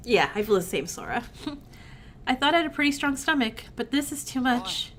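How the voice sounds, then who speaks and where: Woman let's player, still getting over a cold, pitched a bit high, casual chat plus read-aloud game dialogue. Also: sing-song, moderate pace, heavy background noise. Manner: chatty, reacts with sighs and groans between read lines. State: recovering from illness, sick-sounding voice. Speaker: let's play streamer. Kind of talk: casual gameplay commentary and reading game text aloud.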